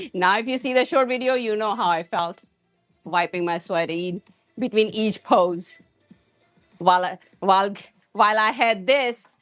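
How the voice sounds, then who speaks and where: A woman's voice: mid-range voice, lively intonation, a little slow, pauses often, fairly bright tone, faint music behind. A woman hosting a live cooking stream, chatting and rambling as she talks straight to her viewers. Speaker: cooking livestream host.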